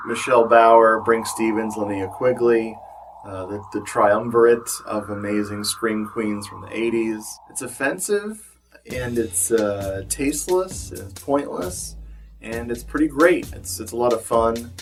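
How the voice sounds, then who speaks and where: A man's voice: lowish voice, measured pace, soft background music. A man reviewing movies in a casual vlog, rambling and wry with lots of fillers, sounding tired. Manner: rambling, wry, self-deprecating. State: tired, a bit bloated. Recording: voice a little far from the mic.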